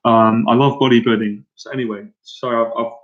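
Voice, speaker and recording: An Irish man in his thirties, a confidence coach talking casually to viewers on a livestream, excitable and rambling with lots of fillers and restarts. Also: mid-range voice, fairly quick. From Ireland. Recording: echoey room, dull lo-fi sound.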